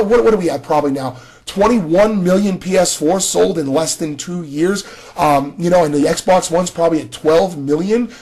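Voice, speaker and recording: A man's voice: on the high side, a little mellow, breathy edge. A man giving a casual spoken video response, talking straight to another creator with frequent restarts. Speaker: gaming commentator.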